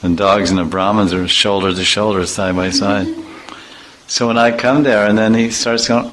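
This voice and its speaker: Bright-voiced man telling humorous stories. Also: mid-range voice, moderate pace, rough recording. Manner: humorous storytelling with vivid imitations. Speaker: spiritual teacher. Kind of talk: informal devotional talk.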